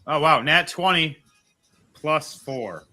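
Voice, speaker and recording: A man runs a tabletop game as game master, his voice bright and clear. He chats easily, explains the rules as he goes and laughs often, with faint music underneath. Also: fairly high pitch, lively intonation, takes it slowly. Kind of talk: running a tabletop game, casual.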